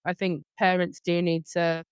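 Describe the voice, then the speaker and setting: A woman in her thirties hosts a relaxed podcast chat with a smooth, resonant voice. She talks candidly and pokes fun at herself. The sound is dry and close. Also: on the low side, moderate pace, dry recording. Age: 30s. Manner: chatty, candid, self-deprecating. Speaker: podcast host. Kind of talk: casual conversational interview.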